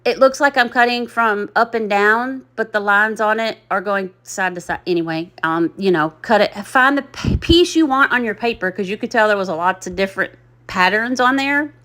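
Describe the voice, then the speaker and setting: A woman's voice: mid-range voice, moderate pace, sharp tone. A middle-aged woman, chatting in a rambling, folksy, self-deprecating way as she narrates her craft project. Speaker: craft channel host. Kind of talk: chatty DIY voice-over.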